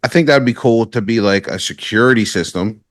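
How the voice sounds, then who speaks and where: A man's voice: mid-range voice, a little fast, dry recording, clean studio sound. A man hosting a podcast in casual chat, rambling and laid-back, full of filler words. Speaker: podcast host.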